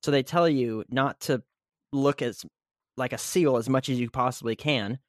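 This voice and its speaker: A man's voice: medium pitch, moderate pace, dry recording. Man reading a script, dry sound. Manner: reads a script aloud, then riffs loosely with fillers. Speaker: podcast host. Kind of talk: casual chat with read-aloud segments.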